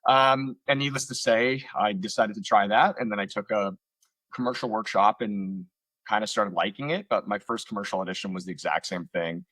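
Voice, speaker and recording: A man's voice: lowish voice, moderate pace, fairly bright tone, dry recording. A man being interviewed about his acting career over a video call from home, telling long rambling stories with lots of fillers and self-mocking asides. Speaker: actor guest. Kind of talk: casual interview storytelling. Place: home room. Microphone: computer on video call.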